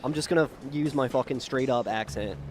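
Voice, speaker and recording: A man's voice: medium pitch, brisk, music in the background. A tired man with a Philadelphia Delco accent chatting casually while he streams a game, rambling and profane, and mocking himself. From Pennsylvania, United States. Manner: rambling, profane, self-deprecating. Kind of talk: casual live-stream chat while gaming.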